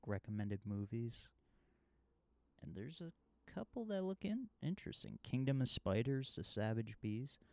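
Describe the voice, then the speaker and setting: A man retells a movie plot in a loose, joking ramble full of fillers. His voice is smooth and clear, and his pace is unhurried. The recording is dry and close. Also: fairly low pitch, darkish tone, no room sound. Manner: rambling and jokey with many fillers. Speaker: movie reviewer. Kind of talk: casual movie recap.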